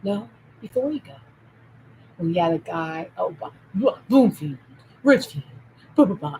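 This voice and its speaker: A woman in a rambling solo monologue who jumps between topics, swears, and swings from loud outbursts to low mutters. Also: animated, unhurried, pauses often, a little hiss or hum, rough recording.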